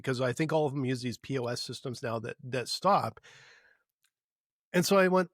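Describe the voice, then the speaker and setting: A man's voice: medium pitch, normal speed, no room sound. Man telling a story, dry close sound. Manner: storytelling, animated retelling with frequent fillers and restarts. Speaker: podcast co-host. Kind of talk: casual chat.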